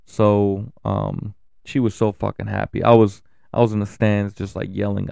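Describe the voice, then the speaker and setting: A man in his thirties speaks with a low, gravelly voice that stays fairly flat in pitch. His tone is dark and smooth, and he talks candidly about his family, swearing freely and stopping for fillers. The sound is dry and close, with no room echo. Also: normal speed. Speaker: father sharing family updates. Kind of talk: casual personal talk to camera.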